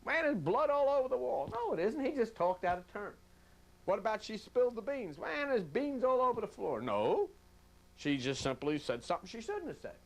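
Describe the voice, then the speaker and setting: Male preacher, fairly high voice, folksy sermon delivery that acts out everyday voices. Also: very animated, normal speed, gravelly.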